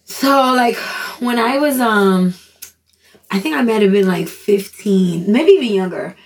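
Animated woman on a podcast. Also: mid-range voice, unhurried. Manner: animated, laughs often. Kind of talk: casual podcast chat.

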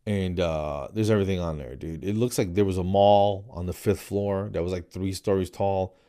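A man hosting his own comedy podcast, telling rambling, animated stories in a casual way. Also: deep voice, moderate pace. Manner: animated, rambling, jumps into playful voices for quoted people.

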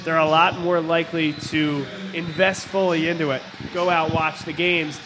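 Lively male soccer show co-host. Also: on the high side, moderate pace, few pauses, music in the background, rough recording. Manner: animated storyteller, quotes others in put-on voices. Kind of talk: casual sports chat.

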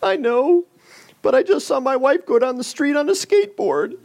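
A man's voice: very high-pitched, big pitch swings, moderate pace, darkish tone, voice pushed up, full character voice. A man voicing a heartbroken grown man who is sobbing in his car, with a strained, whining sound.

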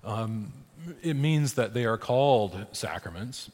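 A man's voice: on the low side, animated, slow pace, a little mellow. A man, a priest, teaching a church catechesis class in a conversational way, often checking in with "right?". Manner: conversational, frequent "right?" checks, laughs, restarts. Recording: long hall reverb.

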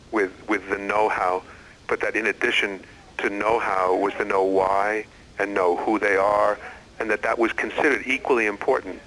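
A middle-aged man, an experienced educator, answering interview questions in an earnest, measured way with frequent restarts. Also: on the low side, pushed and bright, slight background noise, poor audio. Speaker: educator and former school head.

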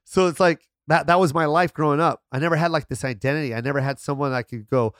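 A man telling animated, swearing stories as a guest in a casual podcast chat. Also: on the high side, quick pace, no room sound, studio quality. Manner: animated storyteller, swearing freely.

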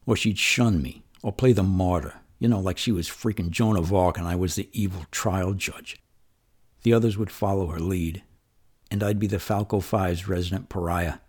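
A man's voice: sits low, normal speed, darkish tone. A man from New York telling a personal childhood story in a conversational, wry and vivid way. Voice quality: gravelly and husky. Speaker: memoir storyteller.

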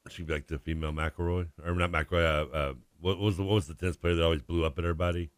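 A man's voice: deep voice, level tone, smooth, no echo. A man co-hosting a sports radio show, joking and teasing his partner in casual banter. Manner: joking, teasing, quick to laugh. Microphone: studio microphone.

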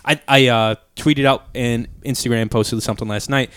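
A man's voice: mid-range voice, fairly even intonation, moderate pace, a bit bright, smooth. A young man co-hosting a podcast in casual chat, swearing freely and drinking a beer as he talks. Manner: laid-back, swears freely, lots of fillers. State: drinking beer while talking. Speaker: podcast co-host.

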